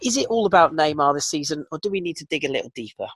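Brisk jokey male podcast host. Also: fairly high pitch, very animated, fairly bright tone, husky, no room sound. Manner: brisk, jokey, leads segments. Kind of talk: hosting casual podcast.

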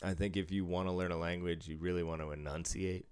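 Deep-voiced man with a Boston accent. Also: level tone, fast, a little mellow, smooth. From Massachusetts. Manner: swears freely, laughs often, tells stories with impressions. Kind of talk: casual chat.

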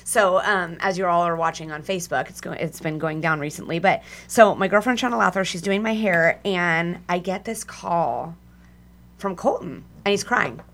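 Middle-aged lady radio host, kinda low voice, jokey, keeps saying yeah. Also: normal speed, a bit bright. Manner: playful, affirming, lots of yeahs. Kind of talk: casual radio chat.

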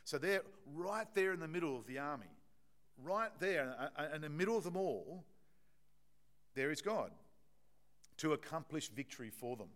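A man's voice: on the high side, expressive, moderate pace, long pauses, a bit bright. A man preaching a sermon to his congregation, talking in a conversational, emphatic way with frequent restarts and fillers.

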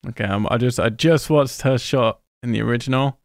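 A man's voice: medium pitch, brisk, dry recording, studio quality. Wry man riffing on a film. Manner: wry, sweary, scrubbing through footage while talking. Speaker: podcast co-host. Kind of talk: casual movie commentary chat.

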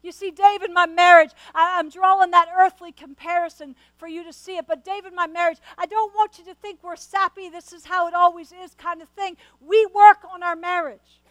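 A woman's voice: very high voice, fairly even intonation, moderate pace, hardly any pauses, no echo, low-quality recording. A woman preacher delivering a sermon, earnest and questioning, often stammering as she restarts her words.

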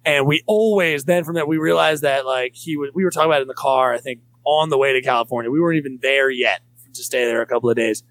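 A man with a gravelly, creaky voice rambles through casual podcast chat, crude and jokey and full of restarts. The sound is dry and close, with no room around it. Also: medium pitch, fast, hardly any pauses, fairly bright tone, no room sound. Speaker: comedian.

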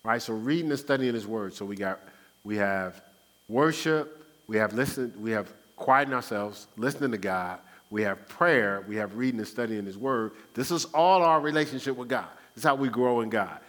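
A man's voice: mid-range voice, moderate pace. Man teaching faith with long reverb. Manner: animated, acts out everyday speech. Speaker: Christian teacher. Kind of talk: conversational preaching.

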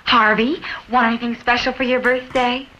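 A bright 1960s commercial wife. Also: female voice, on the high side, little pitch movement, normal speed, a little hiss or hum. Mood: teasing. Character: wife asking her husband about his birthday. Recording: dull old TV ad audio.

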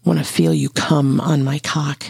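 A storyteller voicing a lusty, teasing young man in a low, breathy way. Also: little pitch movement, unhurried, a little mellow, no room sound, studio quality, exaggerated voice.

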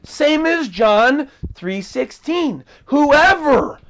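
A woman's voice: high voice, lively intonation. A woman preaching a fervent sermon, stressing words and drawing them out. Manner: fervent, emphatic, drawn-out stresses.

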